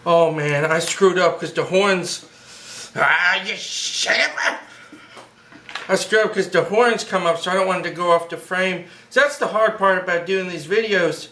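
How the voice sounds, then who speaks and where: Hyped up guy w a high voice rambling thru a drawing lesson, echoey room. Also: measured pace. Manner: hyper, excitable, rambling. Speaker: drawing tutorial host.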